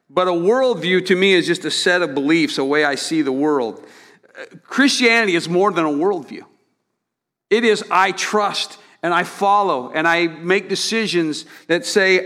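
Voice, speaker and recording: A man's voice: fairly high pitch, unhurried, fairly bright tone. Male pastor preaching in a reverberant hall. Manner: conversational preaching with repeated words and rhetorical questions. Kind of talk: sermon.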